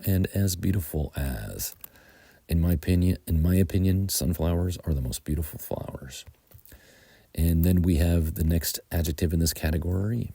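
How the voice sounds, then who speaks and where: Very deep, dark-toned male teacher. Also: vocal fry, husky, dry recording. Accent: American. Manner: slow, methodical, with frequent ums. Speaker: English teacher. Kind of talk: explaining grammar to learners.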